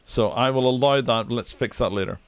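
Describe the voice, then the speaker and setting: A man in a relaxed, easygoing manner, narrating and ruling as game master of a tabletop game played online. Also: mid-range voice, brisk, clear, resonant tone, no echo.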